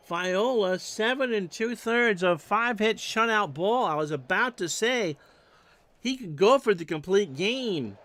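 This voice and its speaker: Slow, higher-voiced male baseball announcer. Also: fairly bright tone. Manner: stat-heavy calls with wry joking asides. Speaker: play-by-play announcer. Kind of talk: baseball play-by-play commentary.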